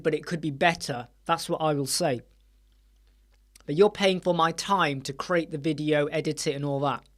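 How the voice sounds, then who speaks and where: Blunt male live-stream host, emphatic, rhetorical questions. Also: high-pitched. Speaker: web design channel host. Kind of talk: live stream chat to viewers. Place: small dark soundproofed room.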